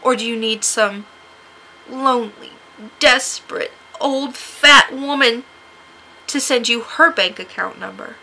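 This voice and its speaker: American woman vlogging, bright clear voice, sarcastic, goes high and shrill acting out her own replies. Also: takes it slowly, slight background noise, poor audio. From United States. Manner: sarcastic, laughs often. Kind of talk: casual storytelling to camera.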